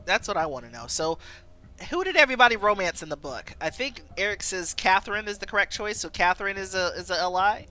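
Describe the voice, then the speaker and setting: A woman's voice: medium pitch, expressive, fast, bright, forceful tone. A young woman streaming a story game live, chatty and laughing often as she talks to her viewers.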